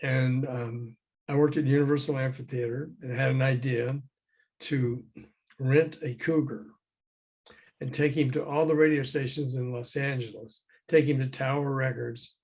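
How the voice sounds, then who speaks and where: An older man, a former record promoter, telling lively anecdotes as an interview guest over a video call, acting out the people he quotes. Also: mid-range voice, normal speed. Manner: lively raconteur who acts out the people he quotes.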